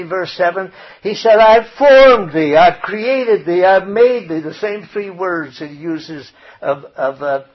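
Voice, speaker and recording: A man preaching a sermon, growing loud and emphatic as he quotes scripture. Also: a little high, husky. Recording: dull lo-fi recording.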